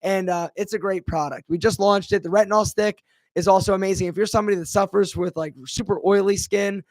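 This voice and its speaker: A man's voice: sits high, fairly even intonation, a little fast, dry recording, clean studio sound. A man, a brand founder, answering viewer questions in a casual live Q&A, chatty and full of fillers. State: a bit out of breath.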